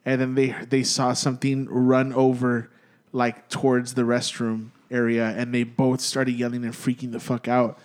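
A man's voice: medium pitch, monotone, moderate pace. A young man telling a spooky story to friends in casual chat, rambling and profane, full of "dude" and restarts.

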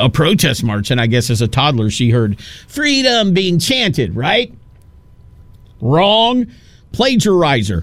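A man's voice: mid-range voice, dry recording. Sarcastic male talk radio host, dry studio sound. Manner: mocking, sarcastic. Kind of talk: opinionated talk radio monologue.

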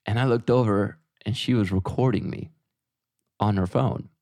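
A man's voice: fairly low pitch, normal speed, creaky, dry recording. Dry-sounding man telling a story. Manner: animated storyteller, quoting himself and his wife. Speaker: podcast co-host. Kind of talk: casual chat.

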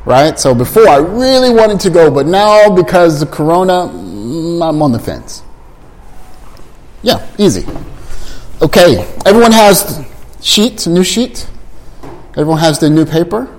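A man teaching English to a class of learners, repeating phrases slowly and switching into Japanese to explain. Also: on the high side, big pitch swings, darkish tone.

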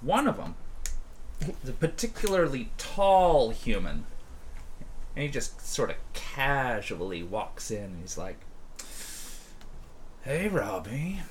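Laid-back male game master, slow and loose. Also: medium pitch, very animated, a little hiss or hum. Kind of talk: narrating a tabletop game.

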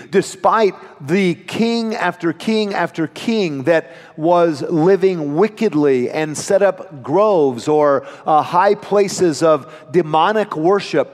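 A man preaching a sermon from scripture as pastor, with an emphatic delivery that slows and stresses key phrases. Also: on the high side, long reverb tail.

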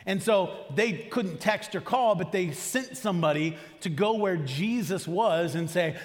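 With a high, animated voice and a slightly slow pace, a male pastor preaches to his church auditorium, often asking the congregation questions in a conversational way. A long reverb tail follows him.

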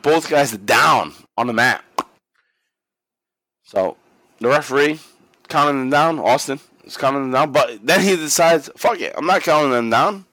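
With a mid-range voice and no echo, a man co-hosts a podcast, casually recounting a wrestling story. He tells it animatedly, swears openly, and acts out what was said.

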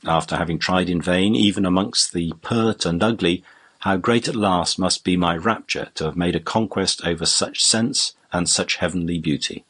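A man with a low, husky voice reading the part of a generous, courtly baronet with a hearty, teasing manner. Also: normal speed, fairly bright tone. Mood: ardent. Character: genial, generous older baronet.

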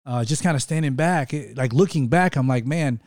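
Young guy, guest storyteller, does the voices of people he quotes; even mid pitch, dry mic. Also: a little fast, no echo. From Georgia, USA. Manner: animated, acts out quoted people. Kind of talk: casual faith-based storytelling.

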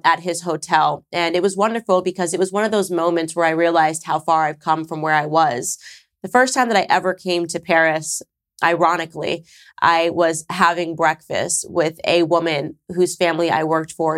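A woman with a fairly low voice hosts her own show and talks directly to her audience. Her delivery is conversational but emphatic, and she drops in sarcastic asides. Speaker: podcast host. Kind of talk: casual monologue to camera.

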